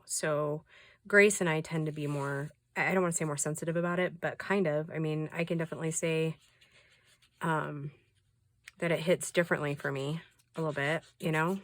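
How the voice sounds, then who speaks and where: Low-voiced chatty woman vlogger. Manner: chatty, indignant, confiding asides. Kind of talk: casual chat while doing a craft.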